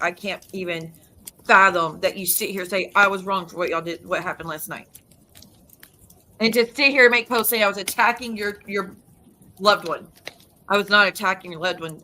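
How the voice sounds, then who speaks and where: A woman's voice: mid-range voice, bright, forceful tone, slight background noise. A woman YouTube creator ranting heatedly to her viewers, swearing and cutting herself off mid-sentence. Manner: heated, profane, rapid restarts and self-interruptions.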